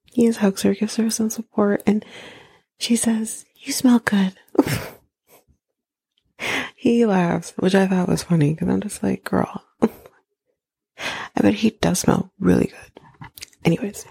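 A woman hosting a podcast, recapping a reality show in a blunt, sarcastic, swearing way, often slipping into a breathy near-whisper. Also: mid-range voice, fairly even intonation, slow pace, long pauses, warm tone, no room sound. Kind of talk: casual recap monologue.

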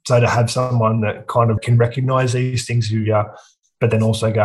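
A man's voice: mid-range voice, flat delivery, brisk, rough recording. A young Australian man, a podcast guest, telling his story frankly with plenty of swearing in casual conversation.

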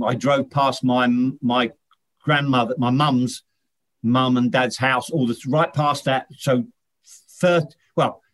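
In a mid-range, slightly bright voice, a man who used to play football talks casually as a guest in an interview. Born in England to Northern Irish parents, he tells stories with frequent restarts and repeated words.

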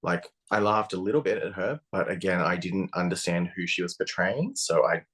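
A man with a very low voice co-hosts a casual podcast chat. He talks bluntly and swears freely, getting animated as he goes. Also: moderate pace. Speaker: podcast co-host.

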